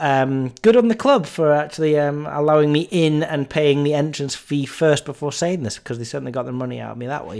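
A man's voice: mid-range voice, a little mellow. A man in his forties hosting a podcast, telling a story about a night out in a casual, self-mocking way. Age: 40s. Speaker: podcast host.

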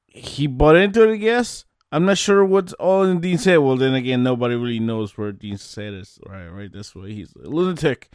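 A man hosting a casual talk show, presenting in a measured, unhurried way. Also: medium pitch, lively intonation, a little mellow, smooth, dry recording, studio quality. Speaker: host.

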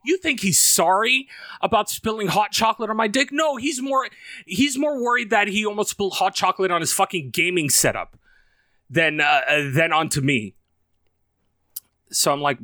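A man casually telling a profane, animated story about his day, swearing constantly and laughing as he goes. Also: high voice, moderate pace, no echo.

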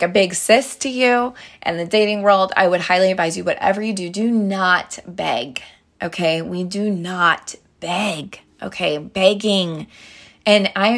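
A woman's voice: mid-range voice, fairly bright tone. Young woman on a podcast, chatty and earnest, talks straight to her listeners, lots of ums and restarts. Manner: chatty storytelling with many fillers and restarts; earnest, addresses listeners directly as girls. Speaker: dating advice podcast host. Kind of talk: casual advice monologue.

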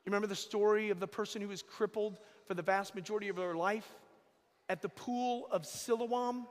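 High-voiced priest preaching in echoing church. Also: male voice, fairly even intonation, fairly quick. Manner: emphatic storytelling, repeating key phrases. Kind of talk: sermon. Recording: long echo of a church hall.

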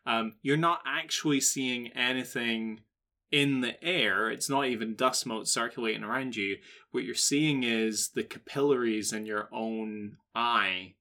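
A man with a bright, forceful voice chats loosely with a co-host. He rambles through explanations, restarting his sentences. He has a playful manner. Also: medium pitch, measured pace. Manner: rambling, explains facts at length, slips into silly character voices. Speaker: podcast co-host. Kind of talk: casual chat.

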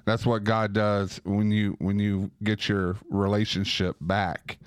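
Smooth low-voiced male podcast host. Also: little pitch movement, slow, no echo, studio quality. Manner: warm affirming, amens and retelling scripture. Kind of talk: casual conversation.

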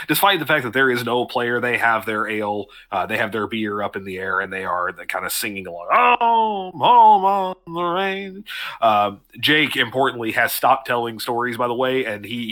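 A man's voice: on the low side, bright, forceful tone. A man narrating a tabletop game as game master, loose and rambling, often laughing.

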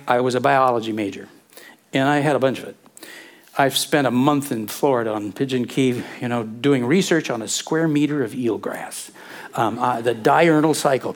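Middle-aged guy preaching, kinda high voice, chatty, keeps asking the crowd questions. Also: gravelly. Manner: animated, conversational preaching with rhetorical questions. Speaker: pastor. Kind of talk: sermon.

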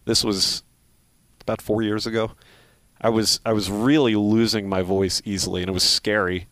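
A middle-aged man from Philadelphia speaks in a low voice with a faint Philly accent. He is a play-by-play broadcaster, thinking aloud in a relaxed interview, full of restarts and fillers. The sound is dry and close. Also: moderate pace, no room sound. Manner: reflective, many restarts and fillers. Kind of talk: casual interview talk.

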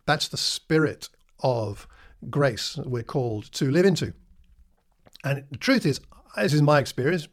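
Conversational man teaching Bible class. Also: a little high. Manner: conversational, asks listeners questions, acts out quoted lines.

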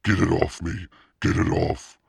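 A stubborn, anxious young schoolgirl, as a man reading the book puts her on. The voice stays very deep and gravelly, with a husky edge, heard close and dry. She turns shrill when scared and bitter when crossed. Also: normal speed, fairly bright tone, no room sound, exaggerated voice. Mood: frightened. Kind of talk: audiobook reading.

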